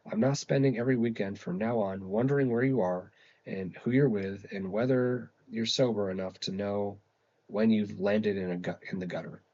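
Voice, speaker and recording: A man's voice: on the low side, fairly even intonation, normal speed, mellow, highs cut off, close to an everyday voice. A man reading aloud and voicing an angry, strict middle-aged father scolding his daughter in a storybook. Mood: stern. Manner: stern and scolding.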